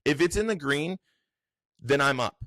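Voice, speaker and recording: A man's voice: fairly high pitch, expressive, normal speed, no echo, clean studio sound, voice pushed up. A man voicing a crude, defiant female official who rants and trips over her words. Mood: brash defiant. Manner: shouty, profane, stumbling over words.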